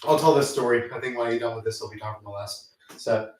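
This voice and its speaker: A man of middle pitch tells a rambling, self-mocking story full of fillers and restarts. He talks casually between training sets. He sounds heavily echoey and set back from the mic, as if in a hard gym room. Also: steady tone, fast, a little mellow, far from the mic, a little hiss or hum. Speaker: host.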